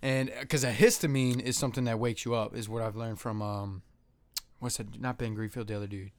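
A man's voice: on the low side, steady tone, a little fast, no room sound. Young male co-host, rambling profane chat, dry mic. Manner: rambling, profane, with lots of fillers and laughs. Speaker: podcast co-host. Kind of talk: casual chat.

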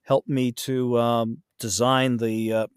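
A man's voice: medium pitch, flat delivery, slow, clear, resonant tone, dry recording, clean studio sound. A man who narrates audiobooks, chatting casually in an interview, rambling with many fillers and restarts.

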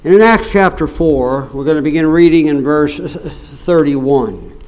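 A middle-aged man preaching a sermon, telling stories and swinging from quiet asides to loud, raised passages. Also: fairly high pitch, animated, measured pace.

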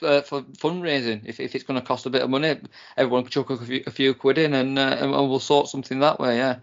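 A man's voice: medium pitch, steady tone, quick pace, creaky. A man co-hosting a podcast, chatting casually and hesitantly, often repeating words. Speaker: podcast co-host. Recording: dull lo-fi sound.

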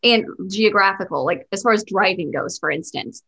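A woman from Georgia chatting among friends and leaning on stories and examples. Her voice is bright and forward at a middle pitch. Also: normal speed, vocal fry, husky. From Georgia, United States. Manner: storytelling, fond of examples. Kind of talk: casual group chat.

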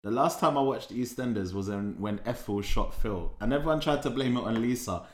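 A man's voice: mid-range voice, fairly quick. A man co-hosting a podcast, cracking jokes and exaggerating in slangy chat. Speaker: podcast co-host. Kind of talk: casual banter. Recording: echoey room.

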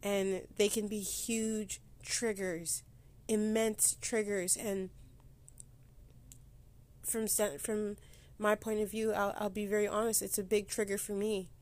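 A woman speaks on a personal solo podcast while holding back tears. Her pitch stays flat and level. She talks haltingly, breaking off and restarting her sentences. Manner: halting, with many restarts and pauses. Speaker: podcast host. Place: sitting against a board indoors.

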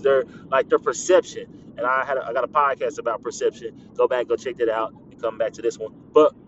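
Animated podcast host, teasing and laughing. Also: male voice, mid-range voice. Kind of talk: casual monologue podcast. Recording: slightly dull lo-fi audio with faint background noise.

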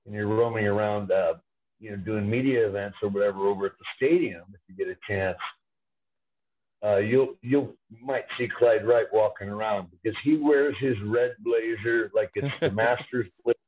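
A man's voice: lowish voice, moderate pace. A man calling in as a guest on a sports talk show, telling rambling, fond stories about a former player. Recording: tinny phone line.

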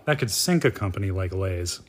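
Deadpan sarcastic man. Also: deep voice, brisk, slight background noise. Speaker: podcast co-host. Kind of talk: casual chat about a reality show.

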